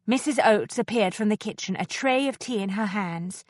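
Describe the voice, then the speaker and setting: A woman with a medium-pitched voice reads an audiobook, narrating with measured expressiveness. The studio-quality recording has no room sound.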